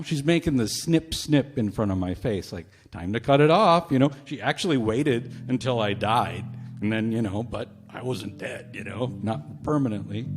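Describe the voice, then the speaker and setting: A middle-aged man at an open mic, telling a humorous personal story with animated comic suspense. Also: medium pitch. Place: community open mic stage. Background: guitar music.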